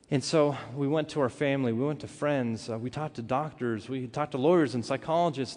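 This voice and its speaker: Male pastor telling a story in an echoey hall. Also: mid-range voice. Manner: earnest, animated storytelling with many restarts. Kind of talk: sermon storytelling. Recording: hall reverb.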